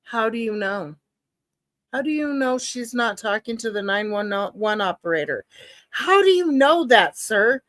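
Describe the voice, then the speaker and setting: A woman with a high voice comments on a trial in real time, unhurried and openly doubtful. Her voice is close and dry against the mic, with no room sound around it. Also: expressive, fairly bright tone, no room sound. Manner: skeptical, talks back to the proceedings. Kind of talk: live reaction commentary.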